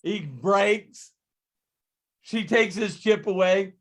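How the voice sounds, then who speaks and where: A man's voice: sits high, takes it slowly. A man hosting a group video call, telling casual stories and acting out other people's voices with energy. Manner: animated, acts out gamblers' voices. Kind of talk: casual storytelling to a live call.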